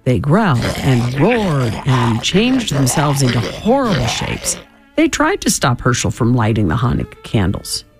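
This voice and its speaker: A man reading a children's storybook aloud, with expressive, dramatic storytelling. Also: mid-range voice, a little slow, soft background music.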